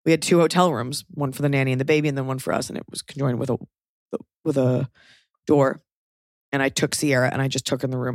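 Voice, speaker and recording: A woman's voice: extremely low pitch, fairly even intonation, quick pace, no echo, clean studio sound. A woman in her thirties hosting a podcast, telling a story casually with lots of fillers and swearing. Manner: rambling, filler-heavy, sweary. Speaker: podcast host.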